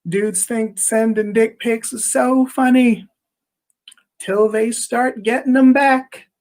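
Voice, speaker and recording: Slow, halting woman comedian. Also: fairly high pitch, steady tone, darkish tone. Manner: halting, filler-laden delivery. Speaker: stand-up comedian. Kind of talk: stand-up comedy. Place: comedy club stage.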